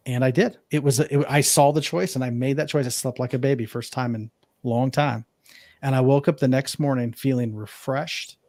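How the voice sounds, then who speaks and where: An earnest man of middle pitch, speaking as a guest on a podcast. He tells his story in a reflective, heartfelt way. The sound is close and dry, with no room around it. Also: fairly quick, a little mellow, dry recording. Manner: earnest, reflective, acts out remembered dialogue. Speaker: podcast guest, life coach. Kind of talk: personal storytelling in an interview.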